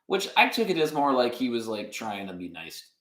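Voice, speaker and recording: A man co-hosting a podcast, casually recapping an episode from his notes in a rambling, animated way. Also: mid-range voice, normal speed, echoey room, poor audio. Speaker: podcast co-host.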